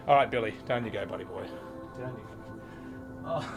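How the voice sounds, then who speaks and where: A man's voice: mid-range voice, sing-song, fast. Streamer guy, chatty and goofy, bouncy voice, bit of music behind. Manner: playful, swearing, baby talk to his cat. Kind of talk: casual live-stream chat.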